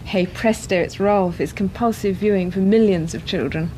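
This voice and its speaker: A woman's voice: medium pitch, normal speed, dark tone, slight background noise. A woman interviewer asking polite, formal questions in a vintage broadcast interview.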